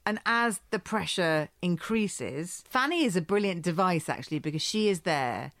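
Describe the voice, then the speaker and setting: A woman's voice: on the low side, expressive, moderate pace, a bit bright, no echo. A woman co-hosting a chat show, telling stories with enthusiasm, laughing often and acting out quotes. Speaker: podcast co-host. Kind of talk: casual chat.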